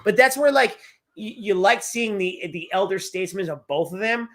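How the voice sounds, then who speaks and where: A man hosting a casual online chat show, animated and swearing freely as he reacts and reads viewer comments. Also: high voice, moderate pace. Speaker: host.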